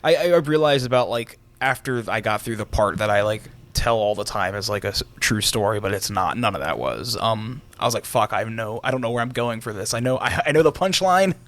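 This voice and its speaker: A man co-hosting a casual podcast, telling a spooky story with dramatic pauses and swearing. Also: lowish voice, animated, fairly bright tone. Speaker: podcast co-host. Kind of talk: casual chat and campfire story.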